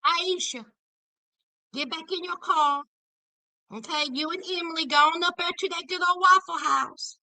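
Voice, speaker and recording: Woman commentator, sassy and animated, high bright voice. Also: normal speed, no echo. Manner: sassy, animated, Southern slang. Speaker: reality TV commentator. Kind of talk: casual reaction commentary.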